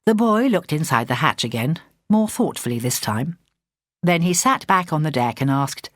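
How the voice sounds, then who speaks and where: A woman narrating a story in a measured storytelling voice, close to a studio mic. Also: low-pitched, very animated, no room sound. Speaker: audiobook narrator. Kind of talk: scripted narration.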